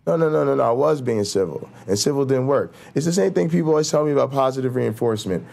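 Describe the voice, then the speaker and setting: A man's voice: mid-range voice, expressive, fast, vocal fry, a little mellow. A man hosting his own talk show, ranting in a heated, repetitive way, restarting sentences and acting out mock quotes. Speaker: show host.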